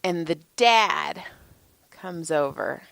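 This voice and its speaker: A woman in her thirties co-hosting a podcast, telling a story in a casual, animated way and often laughing and swearing. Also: low voice, extremely slow, vocal fry, no room sound. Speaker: podcast co-host.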